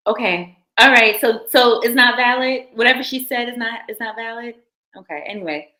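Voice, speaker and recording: A woman's voice: a little high, animated, normal speed, pauses often, pushed and bright. A young adult woman hosting a live stream, reading listener stories aloud with casual, laughing asides to her chat.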